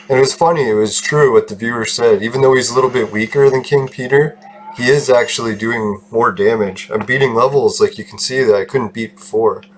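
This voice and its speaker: Gaming host, male, mid-range voice, loose rambling commentary with frequent laughs, faint background hiss. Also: mid-range voice. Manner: rambling, self-deprecating, laughs often and swears. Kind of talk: casual gameplay commentary.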